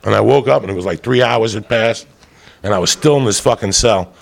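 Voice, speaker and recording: A man telling a profane stand-up story, rowdy and swinging into loud high-pitched outbursts. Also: fairly quick, creaky. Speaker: comedian. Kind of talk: stand-up storytelling to a live audience.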